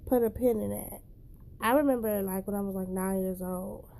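A woman's voice: medium pitch, steady tone, moderate pace, vocal fry, dark tone. A young woman telling a personal story in a casual vlog, blunt and profane, getting emotional as she speaks.

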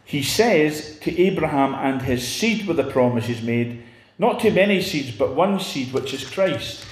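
A man's voice: a little high, lively intonation, unhurried, echoey room. An older man preaching a sermon in a conversational way, putting rhetorical questions to his congregation.

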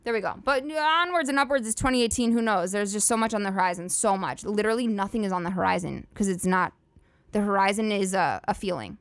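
A woman's voice: mid-range voice, fast, fairly bright tone, dry recording. A young woman hosting a solo comedy podcast, ranting in a chatty, sarcastic, profane way full of "like" fillers. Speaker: podcast host.

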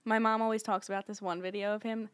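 A woman's voice: medium pitch, flat delivery, quick pace, clean tone. A young woman co-hosting a podcast in casual chat, chatty and giggly, rambling with plenty of fillers. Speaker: podcast co-host.

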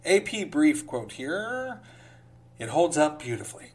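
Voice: medium pitch, wildly swooping pitch, moderate pace. A podcast host reading film reviews aloud in a casual way, with sarcastic asides between the quotes and a slide into a pompous reading voice.

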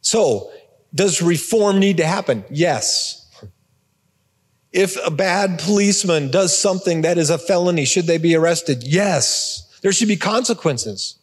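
A man's voice: sits high, animated, unhurried, big-room sound. A man giving a conversational sermon as a pastor, repeating words and adding informal asides. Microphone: phone or portable device.

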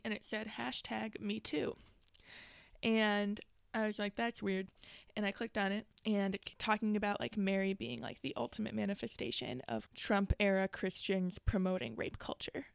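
A woman co-hosting a podcast, telling stories in a lively, casual way, often laughing between phrases. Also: medium pitch, moderate pace, creaky, smooth, no echo, clean studio sound. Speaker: podcast co-host. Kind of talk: casual faith chat.

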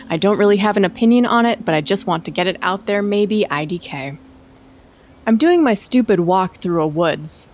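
A young woman co-hosting a casual podcast. She reads a spooky tale aloud, drops into a hushed voice, and swears casually. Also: lowish voice, slight background noise. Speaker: podcast co-host. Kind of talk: casual chat, reading a story aloud.

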